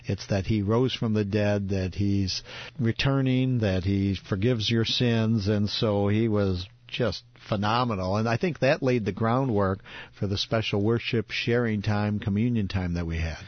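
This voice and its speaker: A man who leads tours, recounting a trip in a steady, measured way in casual conversation. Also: on the low side, dry recording, muffled recording. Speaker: tour leader.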